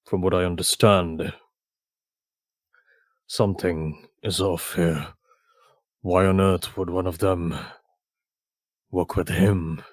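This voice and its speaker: A man voicing an armored warrior in a vision who speaks with measured caution. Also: sits low, level tone, no echo, studio quality, voice pushed down. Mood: grave.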